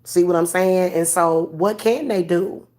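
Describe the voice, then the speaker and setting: A woman's voice: lowish voice, unhurried, dark tone. A woman who gives spiritual readings, ranting to her viewers in a blunt, profane, preachy way. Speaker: vlogger giving spiritual readings.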